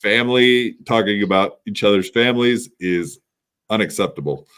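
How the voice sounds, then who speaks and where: A man's voice: on the low side, moderate pace, a bit bright, clear, resonant tone. A man co-hosting a podcast, casually and agreeably recounting what happened, with loose fillers.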